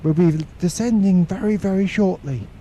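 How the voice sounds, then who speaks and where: Guy playing a super quiet airline pilot on the pa, polite, kinda high, a bit gravelly. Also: normal speed, lo-fi sound, slight background noise. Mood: hushed polite. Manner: exaggeratedly quiet, polite announcement. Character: hushed male airline pilot announcing on the PA.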